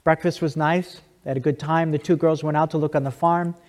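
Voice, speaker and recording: A man with a fairly high voice tells stories to an audience in a loose, conversational way, often restarting his sentences. His voice carries a long reverb tail from a large hall. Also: steady tone, brisk, darkish tone. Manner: conversational, with many restarts and asides. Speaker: speaker giving a testimony. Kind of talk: storytelling talk to an audience.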